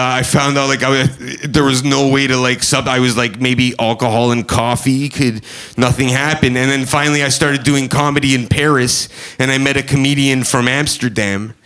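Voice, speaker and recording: A man doing stand-up comedy on a club stage, with a halting, nervous delivery full of fillers. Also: medium pitch, fairly bright tone.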